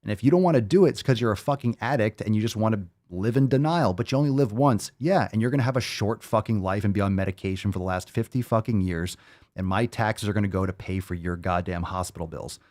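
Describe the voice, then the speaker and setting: A man's voice: lowish voice, quick pace, darkish tone. Profane ranting male podcast host. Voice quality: profane, blunt, emphatic. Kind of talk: ranting monologue.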